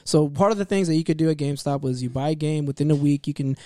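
A young man tells a story in a loose, rambling way, stopping and restarting with lots of fillers. His voice sits a bit high but has a dark, mellow tone. The sound is dry and close. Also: fairly even intonation, fast talker, dry recording. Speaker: podcast co-host telling a story. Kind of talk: casual storytelling chat.

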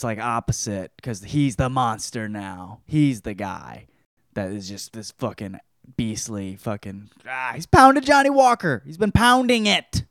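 A man's voice: fairly low pitch, clear, resonant tone, no room sound, studio quality. A man hosting a podcast who gives a rambling, crude and profane book review. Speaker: podcast host.

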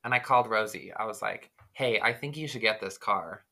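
Man telling a story in a bright voice. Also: lowish voice, fairly quick. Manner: rambling, filler-heavy, animated retelling. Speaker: podcast co-host. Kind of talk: casual storytelling chat.

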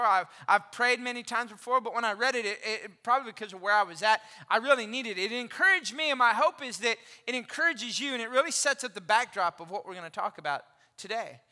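A pastor in his forties giving an animated, conversational sermon and asking the congregation questions. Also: extremely high pitch, fairly quick. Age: 40s. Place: church auditorium. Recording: reverberant hall.

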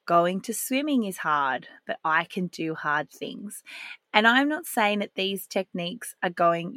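A woman, speaking alone on a podcast. Her voice sits on the low side and her manner is calm, earnest and reflective. The recording is dry, with no room sound. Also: no echo. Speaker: podcast host. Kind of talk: solo podcast monologue.

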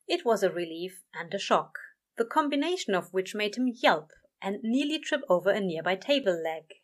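Woman gently narrating a story. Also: mid-range voice, big pitch swings, normal speed. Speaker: reader. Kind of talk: reading fan fiction aloud.

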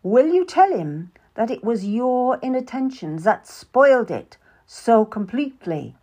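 A woman's voice: medium pitch, lively intonation, unhurried. A woman doing a haughty, icy noblewoman. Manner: hard, icy, commanding. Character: proud young noblewoman, sharp-tongued and haughty.

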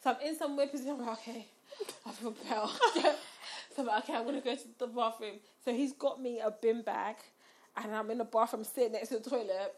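Animated woman telling a story. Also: a little high, quick pace, noisy background. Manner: animated, acts out quotes with rising squeals. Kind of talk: casual storytelling chat.

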